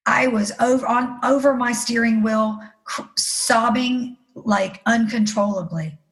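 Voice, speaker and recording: A woman's voice: on the high side, steady tone, unhurried, poor audio. A middle-aged woman telling a personal story as an interview guest, earnest and emotional. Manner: earnest, emotional, acting out the people she quotes.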